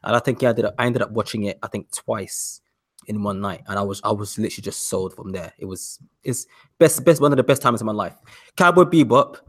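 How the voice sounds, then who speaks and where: A man from the UK tells a story on a podcast with a fairly low voice. He rambles eagerly, repeating himself as he goes. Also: fast. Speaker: podcast guest. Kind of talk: casual chat.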